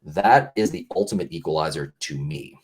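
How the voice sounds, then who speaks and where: Low husky man chatting earnestly. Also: normal speed. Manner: earnest, rambling, many fillers and restarts. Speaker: podcast guest. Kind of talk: casual podcast conversation.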